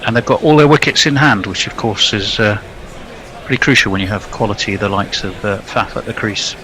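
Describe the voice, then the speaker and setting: A man's voice: on the low side, a little fast, background noise. A man co-commentating on live cricket, giving chatty and wry analysis.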